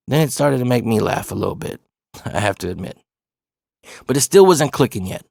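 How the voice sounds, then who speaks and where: A man telling a personal story in a casual, profane, animated way. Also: fairly low pitch, normal speed, creaky, pauses often, dry recording, studio quality.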